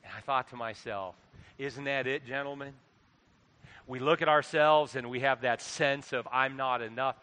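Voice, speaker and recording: A middle-aged man preaching a sermon into a microphone, animated, swinging between quiet asides and loud exhortation. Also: mid-range voice, normal speed. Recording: long hall reverb.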